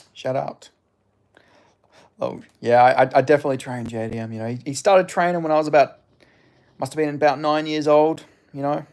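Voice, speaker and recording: A young Australian man with a mild Australian accent, answering chat in a relaxed, casual livestream and swearing freely. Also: medium pitch. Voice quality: laid-back, swears casually.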